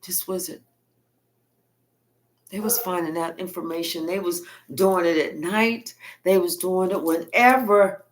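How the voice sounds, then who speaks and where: A woman giving a spiritual reading, telling it like a profane, animated story. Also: lowish voice, a little slow. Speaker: tarot reader.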